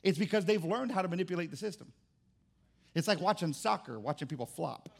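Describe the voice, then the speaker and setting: Male pastor with a high-pitched voice delivering an emphatic, humorous sermon. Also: expressive, a little fast, gravelly. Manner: emphatic, jokey preaching with rising exclamations.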